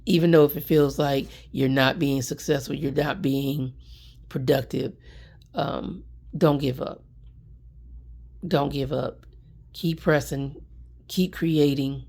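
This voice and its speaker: Woman near tears, low gravelly voice, slow and earnest, live stream talk, repeats herself. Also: fairly even intonation, a little mellow. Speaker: small business owner.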